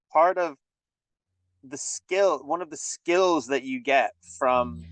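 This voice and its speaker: A man co-hosts a podcast in relaxed talk, teasing his co-host with dry jokes and dropping blunt swear words. His voice sits close and dry, with no room sound around it. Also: medium pitch, no room sound, rough recording. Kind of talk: casual conversation.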